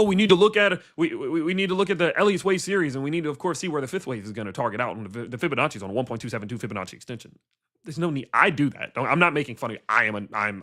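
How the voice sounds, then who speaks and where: A man's voice: fairly high pitch, bright, forceful tone. A man hosting a casual livestream about crypto investing, ranting bluntly and swearing, with rhetorical questions to his viewers.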